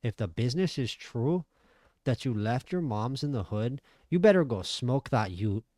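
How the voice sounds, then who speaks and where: A man's voice: medium pitch, expressive, normal speed, a little mellow, dry recording, clean studio sound, voice pushed up, lightly acted. A man putting on the voice of a brash young fighter who taunts an opponent with street slang. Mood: taunting. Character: trash-talking young male fighter.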